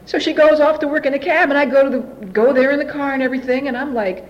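A woman telling her own story at a recovery meeting, candid and animated. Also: high voice, fast talker, few pauses, muffled recording. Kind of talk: personal recovery testimony.

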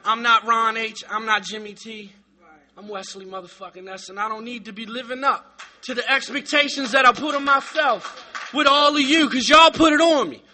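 High, bright-voiced man sharing at a meeting. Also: normal speed, slight background noise. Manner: profane, swinging from shouting to quiet sincerity. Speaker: speaker sharing at a recovery meeting. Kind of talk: raw comedic testimony. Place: meeting room.

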